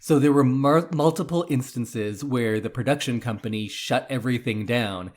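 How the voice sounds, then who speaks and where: Male podcast co-host, mid pitch, conversational explainer, relaxed storyteller. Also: normal speed. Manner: explanatory, storytelling about film history. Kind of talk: casual film discussion.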